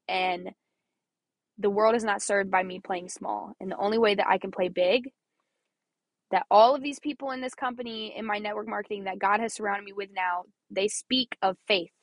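A young adult woman from Missouri speaks in a mid-range voice with no room sound. As a podcast host, she talks earnestly and chattily about her personal faith, often repeating herself and laughing.

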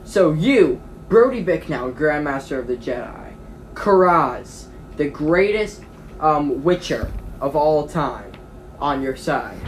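A game master narrating a tabletop game in a rambling way, with many pauses and restarts. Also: mid-range voice, lively intonation, slight background noise.

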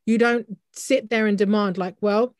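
A woman's voice: mid-range voice, moderate pace, a little mellow, no room sound, studio quality. A woman co-hosting a casual podcast chat, heated and full of restarts and "like". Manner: heated, talks in restarts with frequent "like". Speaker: podcast co-host.

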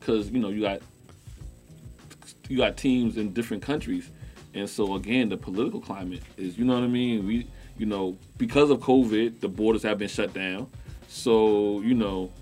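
A man co-hosting a casual sports talk show, animated, repeating himself and laughing often. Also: fairly low pitch, moderate pace, faint music behind.

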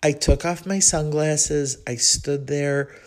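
A woman's voice: sits low, steady tone, darkish tone. Chatty Chicago woman telling a story. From Chicago, United States. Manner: chatty and reflective, thinking aloud with frequent pauses. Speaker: podcast host. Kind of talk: personal storytelling monologue.

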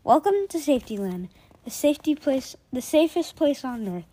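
Woman voicing a brash, bouncy schoolboy for a storybook read-aloud; pitched way up, loud. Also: normal speed. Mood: excited. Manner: excited, loud, high.

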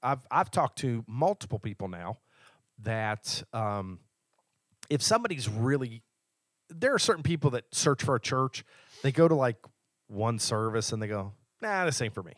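A man's voice: medium pitch, animated, normal speed, dry recording, clean studio sound. A man co-hosting a church podcast as an elder, talking in an eager, teasing, casual way. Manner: enthusiastic, teasing. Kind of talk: casual chat.

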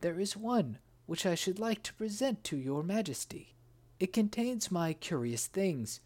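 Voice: medium pitch, very animated, unhurried, a little mellow, voice pushed up. A reader voicing a male fisherman who earnestly tells a tale to a genie.

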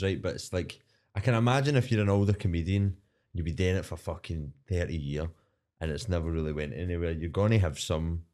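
A young Scottish man with a notably deep, low-pitched voice, talking as a comedian guest on a podcast. He rambles and swears freely, candid and loose in casual chat. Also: dark tone.

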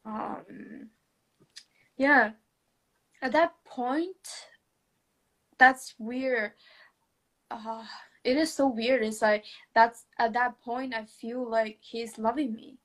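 A woman sharing a personal story in conversation, speaking hesitantly with many restarts, soft laughs and non-native English grammar. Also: a little high, steady tone, very slow, pauses often.

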